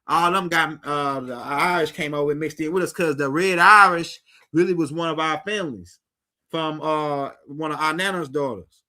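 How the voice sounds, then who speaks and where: Middle-aged guy rambling casually on a livestream, highish voice, bright tone. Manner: loose, rambling, slangy, talks straight to viewers. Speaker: livestream host.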